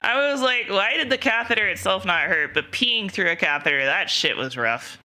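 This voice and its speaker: Bright-voiced giggly young woman storyteller. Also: medium pitch, expressive, normal speed. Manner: giggly, rambling, lots of self-quoting. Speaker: streamer. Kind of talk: casual storytelling to chat.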